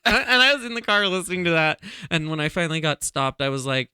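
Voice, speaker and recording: A man's voice: on the high side, a little fast, clear, resonant tone, no echo, studio quality. Chatty laughing male podcast host. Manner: laughs often, animated storytelling. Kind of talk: casual chat.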